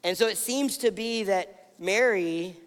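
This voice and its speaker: Man, pastor, sermon, high voice, animated storytelling, long hall reverb. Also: measured pace.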